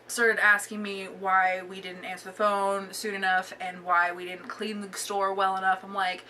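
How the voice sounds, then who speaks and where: A woman's voice: medium pitch, little pitch movement, moderate pace, few pauses, sharp tone, far from the mic, slight background noise. A young woman vlogger telling a casual storytime, chatty and full of filler words.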